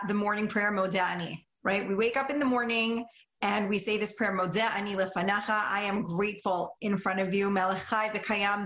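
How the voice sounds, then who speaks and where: A woman's voice: mid-range voice, fairly bright tone. Earnest woman in an echoey room. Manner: earnest, reflective, quotes prayers. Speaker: guest. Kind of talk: casual conversation about prayer.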